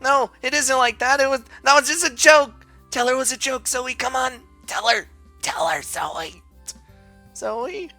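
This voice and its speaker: A man putting on a high, gushing schoolgirl. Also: unhurried, pushed and bright, soft background music. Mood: flustered. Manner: whiny, gushing, high-pitched. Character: bubbly, clingy teenage girl heroine. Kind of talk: reading a visual novel aloud.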